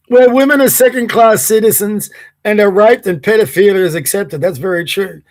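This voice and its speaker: A man's voice: high voice, normal speed. A man hosting a livestream podcast, talking casually and bluntly as he reads and reacts to social media posts. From Australia. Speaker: podcast host.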